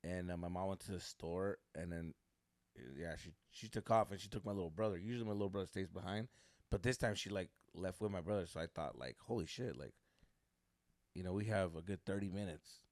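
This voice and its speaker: A young man co-hosting a podcast, telling a crude, animated story in casual chat with lots of swearing. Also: low-pitched, brisk, no echo. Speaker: podcast co-host.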